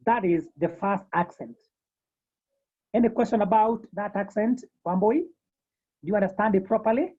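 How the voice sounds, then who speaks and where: A woman teaching a beginners' French class over a video call, slowly repeating each term several times. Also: medium pitch, breathy edge, phone-quality sound. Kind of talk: online language lesson.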